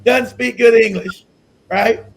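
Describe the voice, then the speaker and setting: A man hosting a live stream, ranting in an animated, incredulous way, swearing freely and breaking into laughter. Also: extremely high pitch, slow, vocal fry. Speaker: livestream host.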